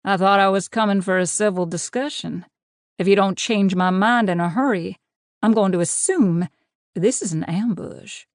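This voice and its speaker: A woman voicing a cocky male shifter brawler with a slow, slight Southern drawl. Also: mid-range voice, dry recording, studio quality, lightly acted. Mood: amused swagger.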